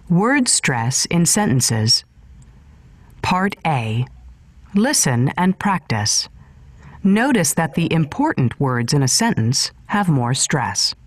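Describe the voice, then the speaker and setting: A woman reading scripted instructions for a textbook audio track, measured and clearly enunciated. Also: low voice, no echo.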